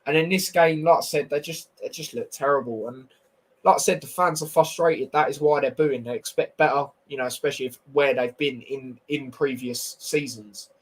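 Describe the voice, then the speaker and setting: A man's voice: medium pitch, moderate pace, breathy edge, rough recording. A young man hosting a casual football review stream, blunt and opinionated with slangy banter. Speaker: football podcast host.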